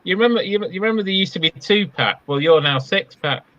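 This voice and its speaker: A man's voice: high voice, expressive, fast, a bit bright. A man co-hosting a casual live-stream chat, easygoing and rambling, often losing his train of thought. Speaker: co-host. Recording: dull lo-fi stream audio.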